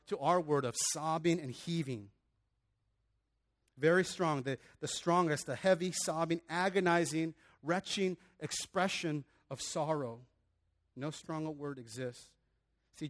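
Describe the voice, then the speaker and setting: A man preaching a sermon in an earnest, conversational way, often restarting his phrases and adding casual asides. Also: fairly high pitch. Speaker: pastor.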